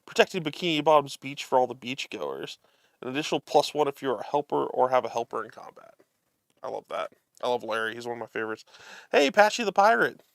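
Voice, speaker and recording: A man's voice: medium pitch, fast talker, creaky, no room sound, clean studio sound. A man hosting a live show, chatting casually as he unboxes a card game and reads the cards aloud, amused and chuckling often.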